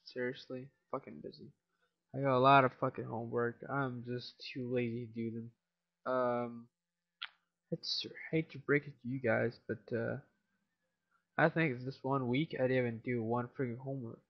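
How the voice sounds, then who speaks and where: Tired, swearing teen gamer, gravelly voice. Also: male voice, medium pitch, fairly even intonation, normal speed, dull audio. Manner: tired, mumbling, swears a lot. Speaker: gameplay commentator. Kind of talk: casual game commentary.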